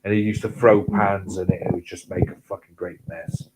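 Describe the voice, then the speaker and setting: Sweary bloke telling stories. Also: male voice, a little fast, very noisy. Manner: sweary rambling anecdotes, gets loud and high when excited. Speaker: host. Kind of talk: casual storytelling chat.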